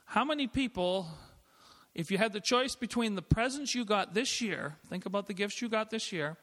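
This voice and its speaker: A man's voice: high-pitched, expressive, normal speed, a bit bright. A middle-aged man preaching a sermon as pastor, in a conversational way with frequent restarts and light laughs. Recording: long hall reverb.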